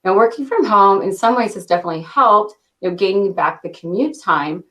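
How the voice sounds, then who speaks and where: Fast-talking woman with light laughs. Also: medium pitch, lively intonation, fairly bright tone. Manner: quick cadence, frequent light laughs. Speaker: interview guest, product launch director. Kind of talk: corporate interview answers.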